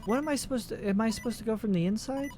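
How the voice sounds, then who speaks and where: A man's voice: high-pitched, rapid-fire, darkish tone, faint music behind. A man in his twenties giving casual, profane, rambling commentary while playing a video game. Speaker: let's play host.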